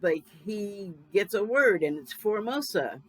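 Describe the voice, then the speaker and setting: A woman's voice: mid-range voice, animated, a little slow, a bit bright, no echo, poor audio. A woman in her fifties from Los Angeles, casually reviewing a film in a rambling, chatty way, with frequent small laughs and self-corrections. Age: 50s.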